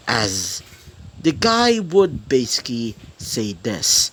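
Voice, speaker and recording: A man's voice: mid-range voice, big pitch swings, drawn-out words, a little hiss or hum. A young man improvising fan-fiction narration, rambling and hesitant, repeatedly tagging lines with "as he says this". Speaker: storyteller.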